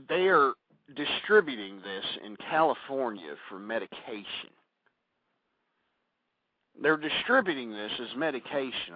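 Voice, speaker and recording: A man's voice: mid-range voice, no echo. Male radio host, panicky, stammers, muffled lo-fi sound. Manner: rattled, rambling, stammering. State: panicked, heart racing. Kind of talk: rambling radio monologue.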